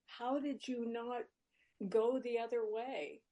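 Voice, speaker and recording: A woman at a recovery meeting asks a thoughtful, hesitant question with many pauses. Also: a little high, mellow, lo-fi sound. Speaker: meeting participant asking a question.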